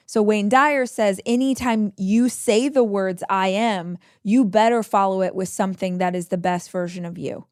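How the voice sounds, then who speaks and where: A woman's voice: mid-range voice, moderate pace, few pauses, a little mellow, dry recording, clean studio sound. A woman hosting a podcast and giving advice in an earnest, emphatic way. She often repeats her key phrases. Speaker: podcast host. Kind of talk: advice monologue.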